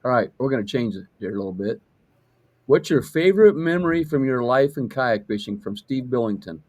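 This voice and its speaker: A man's voice: medium pitch, animated, brisk, darkish tone. A man hosting an interview, asking questions and giving short listening replies. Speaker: host.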